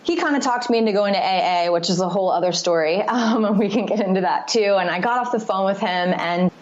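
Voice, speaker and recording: A woman's voice: mid-range voice, fast. Woman podcast guest, confessional storyteller, filler-heavy, dull lo-fi sound. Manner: confessional, rambling, frequent "like" fillers. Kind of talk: candid personal storytelling. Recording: slightly muffled podcast audio.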